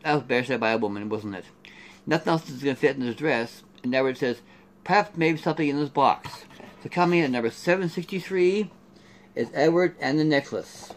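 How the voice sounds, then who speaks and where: A man's voice: mid-range voice, brisk, a little hiss or hum. A middle-aged man from Canada doing a casual unboxing review of collectible figures. He rambles and keeps saying "there" and "here".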